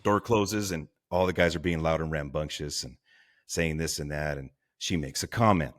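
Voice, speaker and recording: A man who is a guest on a podcast, telling a story in a casual, animated way and acting out the people he quotes. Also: a bass voice, normal speed. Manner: animated, laughing, acts out quotes. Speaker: guest, firefighter.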